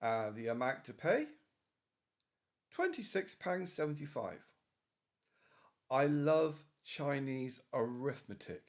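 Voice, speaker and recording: A man's voice: mid-range voice, very animated, slow pace, pauses often. A man with a British English accent, rambling playfully in a casual vlog, swearing freely and sliding into a silly put-on accent. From England. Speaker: vlogger.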